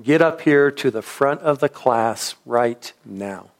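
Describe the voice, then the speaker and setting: A man's voice: medium pitch, takes it slowly. A man voicing a stern, strict female schoolteacher while telling a story in a sermon. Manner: stern, commanding.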